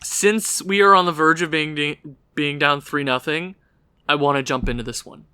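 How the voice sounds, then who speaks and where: A man commentating his own hockey video game session, swinging into frustrated yelling at his goalie. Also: fairly high pitch, fairly even intonation, normal speed, clear, resonant tone, no echo, studio quality. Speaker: gaming YouTuber.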